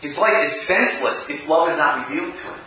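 A man giving a church talk, telling personal stories with humour, often laughing and adding quick asides. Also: on the high side, sharp tone, a little hiss or hum. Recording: echoey room, from a distance.

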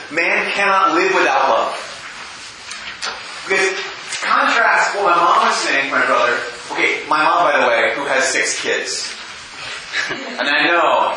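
A man giving a church talk, telling personal stories with humour, often laughing and adding quick asides. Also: on the high side, pushed and bright, a little hiss or hum. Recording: echoey room, from a distance.

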